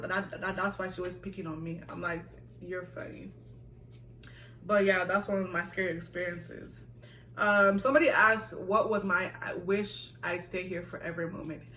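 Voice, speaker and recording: A young woman from the US chats through a vlog Q&A, animated and laughing as she acts out voices. Her tone is bright and sharp. The echoey room and the distance from the mic come through, with faint noise behind. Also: on the low side. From United States. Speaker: vlogger. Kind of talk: casual storytelling Q&A.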